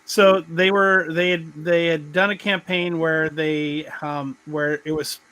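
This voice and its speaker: A middle-aged man hosting a live stream chat, his voice sitting a little higher than most men's. He rambles, restarts his sentences often and chuckles as he goes. He sounds like he is on a video call. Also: little pitch movement, slow pace, sharp tone, clean tone, no room sound, low-quality recording. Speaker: podcast host.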